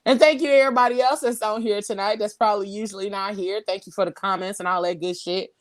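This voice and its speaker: A woman's voice: mid-range voice, steady tone, fast, no room sound. A woman hosting a podcast in casual livestream chat, slangy and candid, laughing often as she reads comments. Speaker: podcast host.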